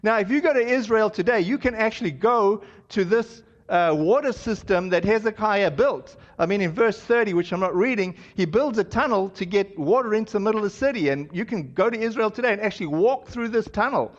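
A man's voice: sits high, brisk, hardly any pauses. A man preaching a sermon as pastor, in a loose, conversational way with many fillers and restarts, on dull lo-fi audio.

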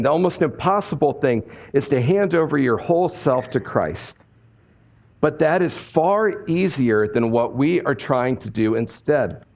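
A man's voice: mid-range voice, darkish tone, lo-fi sound. A man preaching a sermon in a conversational, earnest way, repeating key points for emphasis. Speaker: pastor.

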